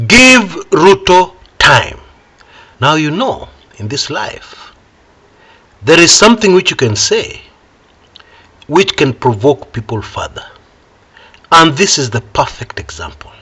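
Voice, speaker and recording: An older Kenyan man with a Kenyan accent giving solo political commentary in an emphatic, animated way, breaking into wry laughter between points. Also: high voice, slightly rough.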